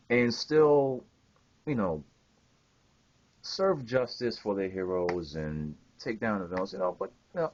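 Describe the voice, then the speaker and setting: In a dull, lo-fi recording made at home, a young man who games online aims a profane, angry rant straight at a rival while facing the camera. His mid-range voice has a sing-song quality, moves a little slowly, and carries no echo.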